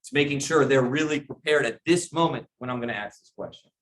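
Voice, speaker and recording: A middle-aged man at medium pitch moves at a quick pace through a sales training session. Talking casually to the group, he checks in with them often and keeps putting questions to the room.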